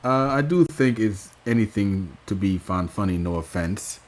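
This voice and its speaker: A young man giving a casual reaction rant, halting with fillers and restarts and swearing freely. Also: fairly low pitch, lively intonation. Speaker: YouTube commentator.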